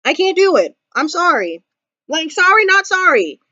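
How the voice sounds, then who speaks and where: A woman talking straight to camera in a casual commentary vlog, emphatic and animated, repeating her points. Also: very high voice, normal speed, dry recording, highs cut off. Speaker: vlogger.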